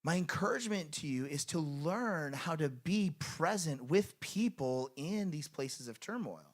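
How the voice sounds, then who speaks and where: A man's voice: a little high, lively intonation, unhurried. A man preaching a sermon in a church in an earnest, conversational way, with lots of fillers. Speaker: pastor. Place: church sanctuary.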